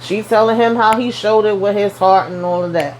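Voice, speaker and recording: A woman's voice: medium pitch, fairly quick, darkish tone, poor audio. A young woman talks through a TV episode in a loose, sassy vlog style, tossing in slang asides as she goes. Her voice sits in a middling range. There is a faint hum of noise behind her. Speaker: TV show recap host. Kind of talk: casual recap vlog.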